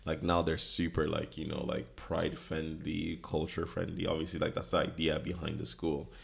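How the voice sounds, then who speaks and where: A young man from Ireland co-hosting a podcast in casual chat, with a very deep voice, rambling loosely and swearing now and then. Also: completely flat delivery, moderate pace. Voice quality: very deep gravelly voice. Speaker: podcast co-host.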